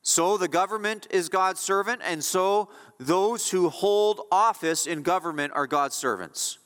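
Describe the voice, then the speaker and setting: A man's voice: sits high, measured pace, a bit bright, clear, resonant tone, in a large hall. A male pastor preaching a sermon with emphatic delivery, repeating key phrases to drive points home.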